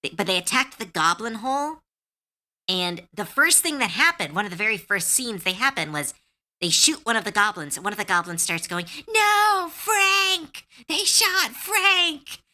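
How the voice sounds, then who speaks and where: A woman streaming live, chatting casually, animated and opinionated, with lots of filler words and swearing. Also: medium pitch, fairly quick. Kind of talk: casual livestream chat.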